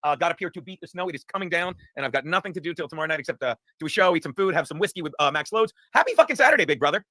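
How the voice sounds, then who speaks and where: A man's voice: on the high side, lively intonation, very fast, few pauses, bright, forceful tone, no room sound. A man hosting a casual talk show, rambling, profane and laughing through his stories. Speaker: podcast host. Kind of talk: casual chat.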